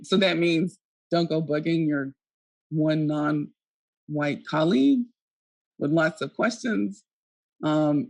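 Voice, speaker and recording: Woman lecturer, earnest and halting, lots of ums and restarts, dead dry sound. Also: deep voice, a little mellow, dry recording. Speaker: neuroscience lecturer. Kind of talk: recorded conference talk.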